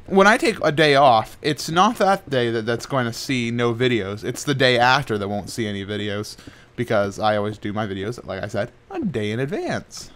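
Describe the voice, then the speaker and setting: A young man talks casually over his own gameplay at a desk mic, in a middling voice with no strong traits. He rambles, laughs often and lets his lines trail off softly. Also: medium pitch, very animated, normal speed. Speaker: gaming channel host. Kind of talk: casual Minecraft commentary.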